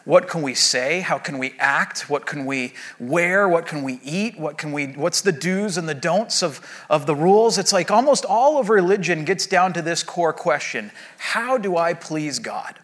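A man's voice: on the high side, expressive, normal speed, few pauses, fairly bright tone. A man preaching a sermon as a pastor, chatty and anecdotal, with frequent fillers and restarts.

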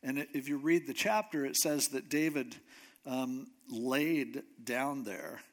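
A man preaching a sermon, retelling a scripture story in a relaxed, conversational and animated way. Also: medium pitch, takes it slowly. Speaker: pastor.

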